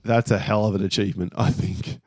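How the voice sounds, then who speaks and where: A man co-hosting a casual podcast chat, a steady, detailed storyteller recounting film scenes. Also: on the low side, brisk, slightly rough, no room sound, clean studio sound. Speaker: podcast co-host.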